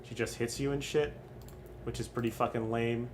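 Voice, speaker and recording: A young man streaming casual game commentary, rambling and swearing freely between frequent ums. His pitch sits in an ordinary middle range. A faint hiss of background noise runs under the recording. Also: steady tone, normal speed. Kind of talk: casual crude gaming commentary.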